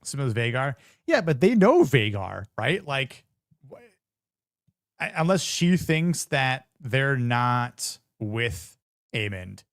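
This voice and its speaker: A man's voice: mid-range voice, very animated, slow, no room sound, studio quality. A man giving casual reaction commentary on a TV episode, blunt, profane and joking. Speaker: show reviewer.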